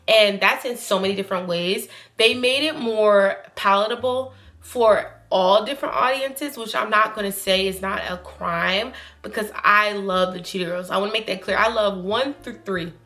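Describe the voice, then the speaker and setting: A woman giving casual, opinionated commentary to her viewers, animated and emphatic. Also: mid-range voice. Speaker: YouTube commentator.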